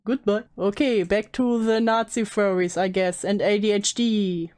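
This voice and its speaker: A woman's voice: mid-range voice, fairly even intonation, unhurried, a little mellow, smooth. A woman streamer reacting casually, giggling and speaking bluntly.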